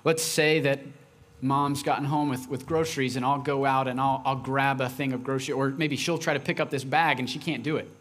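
A man's voice: mid-range voice, fairly even intonation, brisk, a bit bright. A man preaching a sermon as pastor, talking conversationally and acting out lines from his young daughter.

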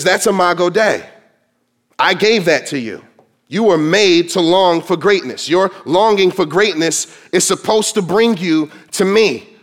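A man's voice: sits high, a bit bright. A man preaching a sermon to his congregation, emphatic and quoting scripture in dramatic voices. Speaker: pastor.

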